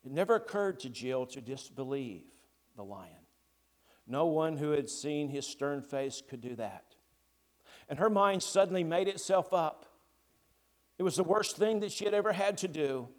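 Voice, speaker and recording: A man preaching a sermon, slow and deliberate with long pauses between phrases. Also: a little high, expressive.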